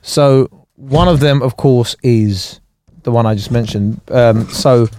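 Male co-host; mid pitch, rambling and jokey, dry studio sound. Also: takes it slowly, warm tone, dry recording. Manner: rambling, jokey, trailing restarts. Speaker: podcast co-host. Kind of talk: casual chat.

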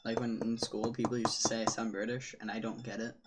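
A man's voice: on the low side, level tone, fast. A young man co-hosting a podcast in casual chat, teasing the others and laughing often. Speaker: podcast co-host. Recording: noisy home mic.

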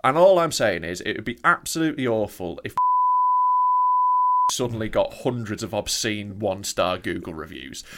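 A man's voice: on the low side, animated, normal speed, a loud crowd. A man co-hosting a comedy podcast, telling a rant-filled story with lots of swearing and acting out both sides of an argument. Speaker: podcast co-host. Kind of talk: casual comedy chat.

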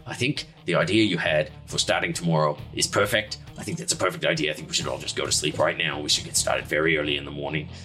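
A man's voice: mid-range voice, unhurried, creaky, hardly any pauses, pushed and bright, faint music behind, rough recording. A man plays a hot-headed male treasure hunter boiling with rage at a rival. He speaks in clipped, cursing bursts, every word strained with anger, in a tabletop role-play. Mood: suppressed rage. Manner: clipped, furious, swearing.

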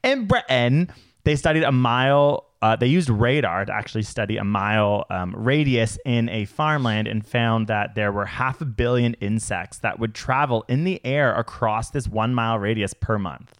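A man's voice: medium pitch, normal speed, dry recording, studio quality. A man co-hosting a podcast in casual chat, playful and jokey with sassy asides. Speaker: podcast co-host.

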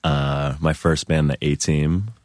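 A man in his thirties, a guest on a podcast, telling stories in a mellow, soothing voice with many fillers. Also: very deep voice, steady tone, slow, no room sound, clean studio sound. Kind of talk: casual storytelling.

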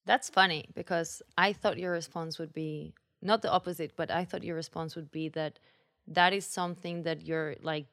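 A woman co-host with a low, gravelly voice, recorded dry and close. She is laid-back and agreeable, and mostly responds with short affirmations. She talks in a relaxed, casual way. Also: dry recording. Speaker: podcast co-host. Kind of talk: casual podcast chat.

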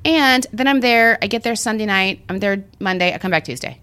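A middle-aged woman co-hosting a podcast, talking in a chatty, animated way. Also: mid-range voice, brisk, clear, resonant tone. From not from Long Island. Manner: animated, chatty, emotional storyteller. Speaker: podcast co-host. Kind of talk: casual chat.

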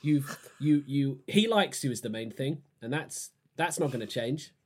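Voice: mid-range voice, normal speed, a little mellow, husky. A player in a tabletop game who teases the others bluntly and swears casually.

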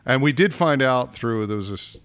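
A man's voice: medium pitch, animated, moderate pace, a bit bright, clear, resonant tone. A man co-hosting a podcast, chatting casually and rambling through recommendations with lots of restarts. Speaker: podcast co-host. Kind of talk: casual chat.

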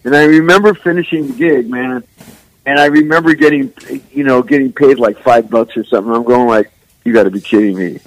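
An older man from San Francisco, a musician guest, telling rambling, animated stories full of "man" and "you know.". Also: mid-range voice, a little fast, no echo, poor audio. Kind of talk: casual storytelling interview.

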